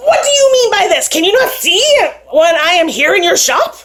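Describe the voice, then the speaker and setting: Lady doing squeaky bossy little sprite guy, yelling demands, all over the place. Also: big pitch swings, normal speed, full character voice. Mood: indignant. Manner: shouting, demanding. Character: tiny bossy male magical sprite, fiery.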